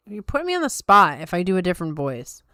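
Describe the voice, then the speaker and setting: A woman's voice: on the low side, huge pitch swings, brisk, sharp tone, dry recording, clean studio sound. A tired woman hosting a podcast, chatting casually and wryly with her viewers. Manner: wry, self-deprecating chatter. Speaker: podcast host. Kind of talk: casual chat with live chat.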